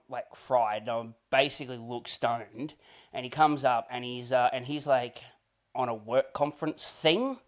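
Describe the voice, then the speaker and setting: An Australian man at an everyday middle pitch, telling a casual story in a relaxed interview. He rambles along with plenty of fillers and breaks into small laughs as he goes. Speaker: interview guest, comedian.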